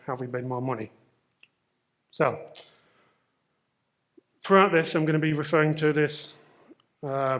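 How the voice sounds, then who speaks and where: A man's voice: fairly high pitch, a bit bright. A man with a Manchester accent giving a casual conference presentation on stage, with frequent ums and a self-deprecating humor. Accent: Mancunian English. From Manchester, northern England. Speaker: conference speaker.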